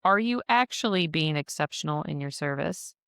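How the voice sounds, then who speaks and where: A woman's voice: deep voice, lively intonation, moderate pace, creaky, fairly bright tone, smooth, no echo, clean studio sound. A woman hosting a casual business-advice podcast, chatty with frequent fillers and self-deprecating asides. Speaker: podcast host and business mentor.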